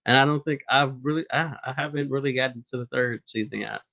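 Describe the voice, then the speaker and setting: A man co-hosting a podcast in a relaxed casual chat, laughing often. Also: medium pitch, quick pace, gravelly, lo-fi sound.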